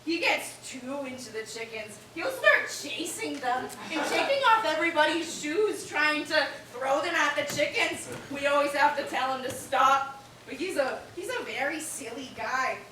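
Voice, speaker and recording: A woman's voice: high-pitched, animated, moderate pace, background noise. A young woman playing a chatty girl who presides over a chicken club, giggling in a live improv comedy scene. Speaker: improv performer. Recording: echoey hall from far off.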